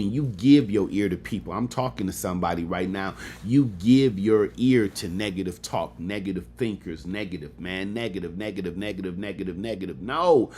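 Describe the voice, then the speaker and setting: A man's voice: lowish voice, a little mellow, slight background noise. A man in his fifties giving a motivational speech with a preacher's cadence, peppering his talk with "amen" and speaking straight to the audience.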